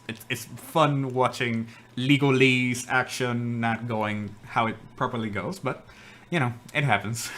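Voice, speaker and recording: A young man with a Puerto Rican accent, a streamer giving relaxed game commentary, switching between Spanish and English. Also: mid-range voice, a little hiss or hum.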